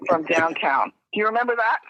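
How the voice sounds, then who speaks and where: A woman's voice: mid-range voice, expressive, fairly quick, sharp tone, no room sound. A woman from Richmond, Virginia, calling in to the show and rambling through old memories. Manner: reminiscent, rambling. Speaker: caller, old friend. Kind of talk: phoned-in reminiscing. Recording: dull, dry phone line.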